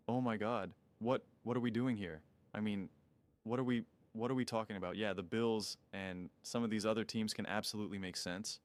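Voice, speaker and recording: A man's voice: lowish voice, fairly even intonation, brisk. A man giving an opinionated sports talk rant, incredulous and sarcastic, with emphatic repetition. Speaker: sports commentator.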